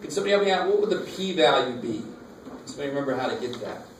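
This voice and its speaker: A man's voice: mid-range voice, very animated, racing. A man teaching a math lecture, talking casually and asking the class questions. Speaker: math instructor. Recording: echoey classroom from far off, faint noise.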